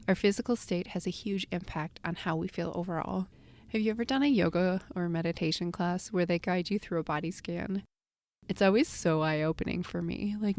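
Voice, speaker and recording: Gentle, slightly scratchy woman podcast host. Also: fairly low pitch, no echo. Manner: gentle, reflective, addresses listener as friend. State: slightly scratchy from recent illness. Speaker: podcast host and life coach. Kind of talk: solo podcast monologue.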